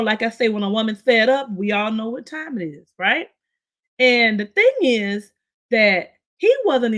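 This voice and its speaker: A woman hosting a recap podcast, giving chatty, opinionated commentary straight to her listeners. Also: mid-range voice. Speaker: podcast host recapping a story. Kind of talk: casual commentary.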